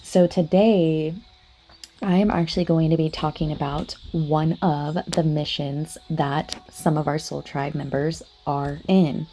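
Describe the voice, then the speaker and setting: Woman on a spiritual podcast, low warm voice, chatty and earnest, lots of filler words. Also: a little hiss or hum. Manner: chatty, full of "like" and "you know what I mean"; earnest, addresses listeners directly. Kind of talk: casual spiritual monologue.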